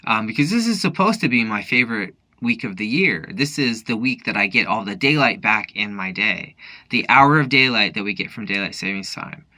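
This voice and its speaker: A man's voice: on the low side, lively intonation, pushed and bright. A drunk man rambling through a late-night monologue in a put-on Irish accent that drifts toward Newfoundland, full of restarts. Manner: rambling, halting, with many restarts. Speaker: vlogger.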